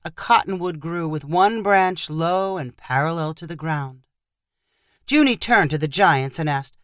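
A man narrating a short story in a measured reading voice. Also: high-pitched, a bit bright, dry recording, studio quality.

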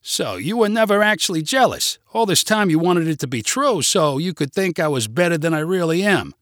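A man's voice: on the high side, very animated, fairly quick, fairly bright tone, no echo, studio quality. A man voicing a timid, sheepish middle-aged husband who pleads and makes excuses.

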